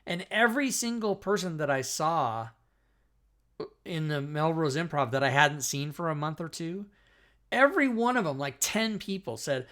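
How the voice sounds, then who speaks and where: A man's voice: fairly high pitch, expressive, normal speed, a bit bright. Rambling, profane man telling a story. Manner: rambling, profane, self-interrupting. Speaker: talk show host. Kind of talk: casual storytelling chat.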